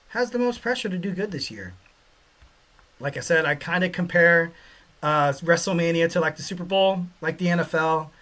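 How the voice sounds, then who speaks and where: Guy rambling thru his podcast, kinda high bright voice, lots of "you know"s. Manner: rambling, joking, lots of fillers. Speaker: podcast host. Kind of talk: casual commentary.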